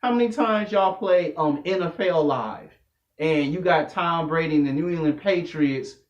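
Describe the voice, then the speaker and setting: A man delivering a loud, profane comedic rant to camera, telling slangy stories as a vlogger. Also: on the high side, normal speed. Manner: loud, animated, slangy storytelling. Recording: echoey room, dull lo-fi audio.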